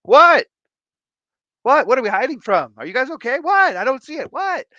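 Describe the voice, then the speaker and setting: A man voicing a trio of bewildered pet catfish that fire off confused questions in a high voice. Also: very animated, moderate pace, pushed and bright, no room sound, highs cut off, full character voice. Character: three bewildered pet catfish, young and fussy.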